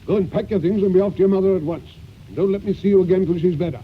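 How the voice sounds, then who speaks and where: Gravelly, blustering old colonel. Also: male voice, fairly high pitch, expressive, a little fast. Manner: blustering and brusque, barking orders. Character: gruff, bossy older gentleman colonel. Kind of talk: 1940s radio acting. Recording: muffled old radio recording with faint hiss.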